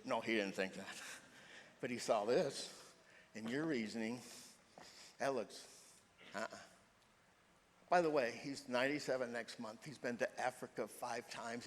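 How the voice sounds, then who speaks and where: A man's voice: medium pitch, slight background noise. An older man preaching a sermon in a church, telling stories with sudden lifts of the voice for emphasis. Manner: animated storytelling, voice jumping up for emphasis. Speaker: pastor. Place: church sanctuary. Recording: long hall reverb.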